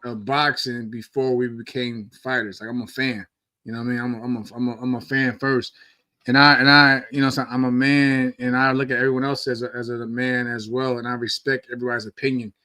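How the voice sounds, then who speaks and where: A man co-hosting a podcast talks in loose, slangy bursts, often restarting his sentences. His voice is bright and forceful. The sound is dry and close to the mic. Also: mid-range voice, level tone, a little fast, no room sound. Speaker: podcast co-host, former boxer. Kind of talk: casual podcast chat.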